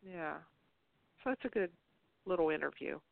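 A woman's voice: sits low, normal speed, gravelly, dry recording. Chatty woman host on a tinny phone line. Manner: chatty, rambling, frequent restarts and laughs. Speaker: show host. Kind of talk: casual chat about soap operas.

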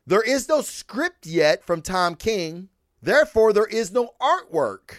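A man hosting a casual podcast, telling stories in an animated, heavily profane rant. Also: high-pitched, no echo, clean studio sound. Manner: profane, animated storytelling with frequent swearing. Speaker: podcast host.

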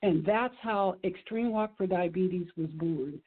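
A woman's voice: lowish voice, a little slow, breathy edge. A middle-aged woman telling an emotional personal story as a radio guest, earnest and laughing often. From California. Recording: tinny phone line.

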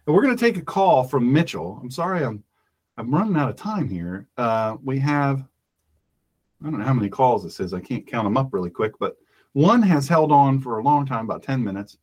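A man's voice: mid-range voice, expressive, fairly quick, a little mellow. A man hosting a radio call-in show, ranting emphatically and repeating his points. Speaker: talk radio host. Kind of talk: opinionated radio monologue.

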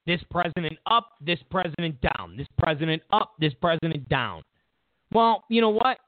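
Speaking at normal speed in a slightly high voice, a political commentary show host gives an emphatic, mocking monologue, animated and full of mocking asides. The recording is dry, with tinny, phone-like audio.

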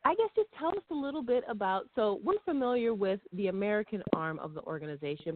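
A woman's voice: mid-range voice, dry recording. Female co-host, casual chatter, tinny phone line, dry sound. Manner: chatty, laughing often. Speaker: podcast co-host. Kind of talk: casual chat.

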